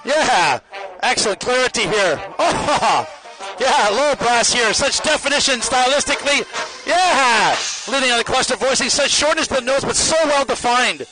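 A man giving running spoken commentary as a marching band judge outdoors on the field, appraising the players with quick bursts of praise. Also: very high-pitched, animated, over music, rough recording. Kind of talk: live judging commentary over a performance. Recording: live brass band loud behind.

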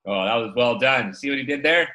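A man's voice: medium pitch, a little fast, sharp tone. A man hosting a podcast in casual chat, with joking, upbeat banter. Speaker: podcast host.

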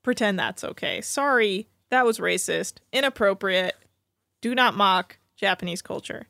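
A woman's voice: mid-range voice, moderate pace, vocal fry, sharp tone, no echo, studio quality. A woman co-hosting a podcast, retelling a reality show episode in a chatty, run-on way. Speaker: podcast co-host. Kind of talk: casual chat recapping a reality show.

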